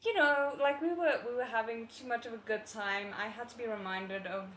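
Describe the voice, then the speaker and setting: A woman reading a novel aloud in a readalong, excitable and stopping to react with chatty asides. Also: on the high side, moderate pace, reverberant, slight background noise, rough recording. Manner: excitable, breaks off to react and comment.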